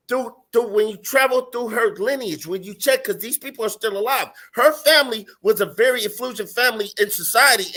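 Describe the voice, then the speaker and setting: A man's voice: extremely high pitch, sharp tone. A man in a heated casual debate, insistent and interrupting as he argues his point.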